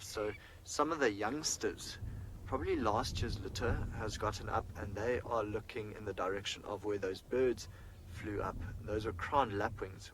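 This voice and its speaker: Low-voiced male safari guide explaining. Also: a bit bright, slight background noise, rough recording. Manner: explanatory, answers viewer questions. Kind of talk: live wildlife broadcast commentary. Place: outdoors on a game drive in the bush.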